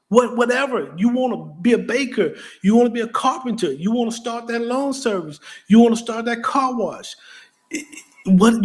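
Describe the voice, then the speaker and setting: A man delivers a motivational talk as host, addressing the listener directly in a casual, plain-spoken way. His voice sits a little high, and he stumbles and repeats words as his excitement builds. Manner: energetic, repeats himself and stammers when excited.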